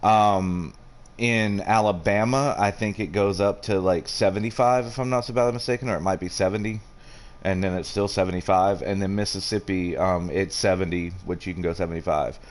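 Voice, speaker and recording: Rambling man, slightly low. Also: fairly even intonation, normal speed. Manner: rambling, swears freely. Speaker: streamer. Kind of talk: casual chat while gaming.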